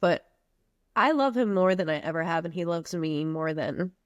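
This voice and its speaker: A woman's voice: fairly low pitch, expressive, normal speed, no room sound, dull audio. Woman guest from the U.S. Virgin Islands, candid and heartfelt, casual slang, dry close sound. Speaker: podcast guest. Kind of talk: candid personal conversation.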